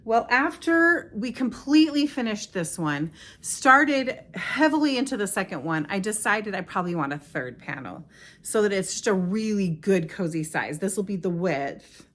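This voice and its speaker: A woman's voice: mid-range voice, sing-song, moderate pace, a bit bright. A middle-aged woman hosting her own craft podcast in casual, rambling chat, often stopping to correct herself. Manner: chatty and rambling, with frequent self-corrections. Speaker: podcast host.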